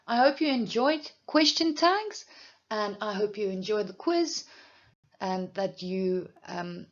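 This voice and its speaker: A woman teaching a grammar lesson, speaking slowly and deliberately, with clear emphasis. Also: medium pitch, animated, muffled recording.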